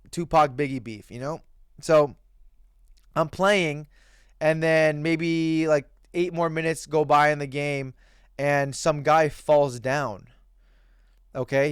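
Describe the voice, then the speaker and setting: A man's voice: a little high, clean tone, no room sound, clean studio sound. A young man telling a heated, profane story about a pickup basketball game in a casual rant. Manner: heated, profane, animated retelling.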